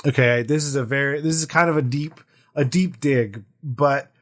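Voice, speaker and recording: A man's voice: mid-range voice, moderate pace. A man co-hosting a tabletop gaming podcast in casual, playful chat. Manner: animated, playful storytelling. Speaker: podcast co-host.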